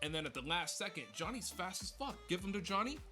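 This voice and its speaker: A man's voice: high voice, expressive, fast, pushed and bright, soft background music. A man casually reviewing a movie with a friend, arguing his points emphatically and swearing now and then.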